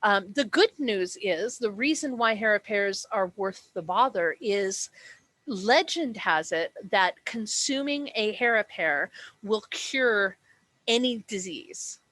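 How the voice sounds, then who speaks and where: A woman's voice: mid-range voice, animated, takes it slowly, a bit bright, no room sound. A woman acting as game master, explaining dice rules and describing the setting in a chatty way, with many fillers and self-corrections.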